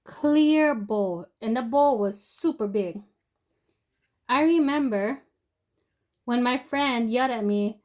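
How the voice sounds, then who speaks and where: A woman's voice: on the high side, takes it slowly, long pauses, darkish tone. A young woman telling a personal story in a loose, rambling way, full of fillers and restarts. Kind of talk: casual spoken storytelling.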